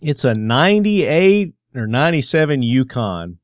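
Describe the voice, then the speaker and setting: A man's voice: medium pitch, big pitch swings, a little slow. A man with a Southern American twang hosting a casual podcast, joking and rambling with plenty of fillers. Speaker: podcast host.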